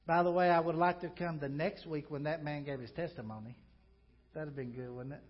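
A man preaching a sermon as pastor, conversational and emphatic, moving from loud emphasis to quiet reflection, with joking asides. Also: on the high side, fairly even intonation, brisk, lo-fi sound.

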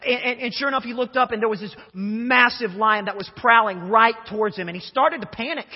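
A young male preacher with a high, husky voice tells stories in an animated way, often doubling his words as he goes. He is recorded in an echoey church hall, and the sound is dull and muffled. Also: a little fast. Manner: animated storyteller who often repeats words. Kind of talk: sermon with humorous storytelling. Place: church sanctuary.

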